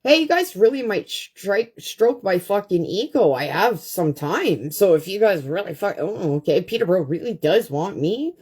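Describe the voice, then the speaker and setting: A woman's voice: medium pitch, animated, normal speed, few pauses, a little mellow, slightly rough. A woman on a phone livestream, ranting bluntly to her viewers and swearing constantly. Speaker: livestream host. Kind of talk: profane ranting livestream monologue.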